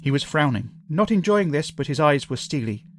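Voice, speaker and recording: A man narrating a scripted horror story in a measured, dramatic way. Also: a little high, animated, slight background noise.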